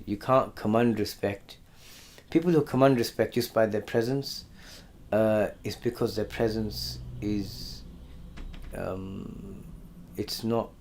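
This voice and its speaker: A man giving a conversational religious lesson. He often repeats words and clears his throat. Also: fairly low pitch, fairly bright tone, slight background noise. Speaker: Islamic teacher. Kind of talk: religious lesson on Quran stories.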